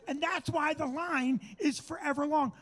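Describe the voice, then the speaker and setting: A man's voice: extremely high pitch, fairly even intonation, normal speed, fairly bright tone. Brash profane male comic storyteller. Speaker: comedian host. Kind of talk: storytelling chat.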